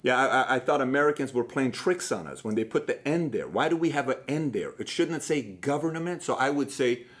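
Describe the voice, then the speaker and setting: A man's voice: medium pitch, animated, brisk, few pauses, a bit bright. A man from Iran with an Iranian accent, hosting a motivational talk and telling stories directly to the viewer with pointed questions. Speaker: host.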